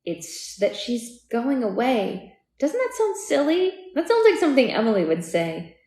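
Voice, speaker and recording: A wistful, self-conscious grown woman who hesitates and catches herself, voiced by a woman reading aloud. Her voice sits fairly high. It sounds in an echoey room. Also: wildly swooping pitch, unhurried, mellow, full character voice. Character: wistful grown woman, hurt by sister's leaving.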